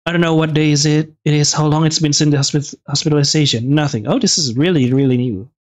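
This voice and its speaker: Man reading a game aloud, fairly high voice. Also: steady tone. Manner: halting, restarts words, reads with some feeling. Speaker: gamer reading a visual novel aloud. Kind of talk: reading game text aloud with casual asides.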